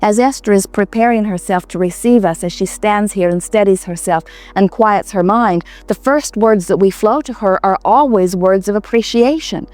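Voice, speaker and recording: A woman giving an inspirational talk to a live audience, speaking as a collective "we" in a calm, reassuring way with repeated phrases. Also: mid-range voice, normal speed, hardly any pauses, dry recording. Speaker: seminar speaker answering audience questions.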